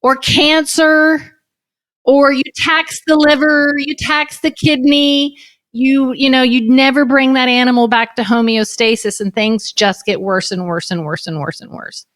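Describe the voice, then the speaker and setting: A woman's voice: high-pitched, fairly even intonation, a little slow, fairly bright tone. A woman hosting a podcast interview, making her points emphatically and passionately, often in long lists. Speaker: podcast host.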